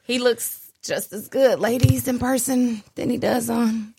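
A woman's voice: fairly high pitch, a little slow, husky, dry recording. Gushing woman in casual talk. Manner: animated, gushing, colloquial. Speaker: podcast co-host. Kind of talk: casual chat.

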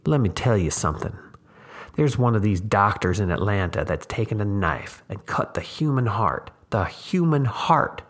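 A man's voice: lowish voice, lively intonation, moderate pace. A man doing a nasal drifter. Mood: preachy. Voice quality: firm and nasal. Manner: drawling, solemn and preachy. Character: scheming one-armed drifter man, young.

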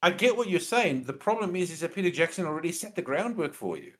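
A man's voice: high voice, lively intonation, fast. A man talking through his opinions on a casual podcast, often stalling on fillers and restarting his sentences. He gets more insistent and emphatic when he pushes back on a point. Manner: rambling, hesitant, with many fillers and restarts. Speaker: podcast co-host. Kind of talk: casual chat.

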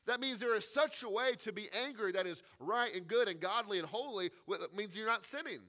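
A man's voice: high-pitched, expressive, fairly quick, sharp tone. A man preaching a sermon as pastor, stressing his points and repeating key phrases.

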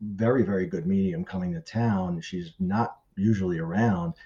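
A man casually telling a personal story as a guest, animated and acting out the voices of people he quotes. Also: normal speed, lo-fi sound. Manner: animated, acts out quoted voices with pitch shifts.

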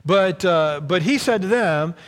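A pastor preaching a sermon, reading scripture aloud and then retelling the story in a relaxed, conversational way. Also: male voice, high voice, measured pace. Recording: long reverb of a large hall.

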